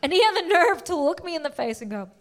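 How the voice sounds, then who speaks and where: A young woman of Indian origin performing a stand-up set, telling a story with animated bursts on the punchlines. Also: very high-pitched, fast. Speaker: stand-up comedian. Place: comedy club stage. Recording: noisy club recording.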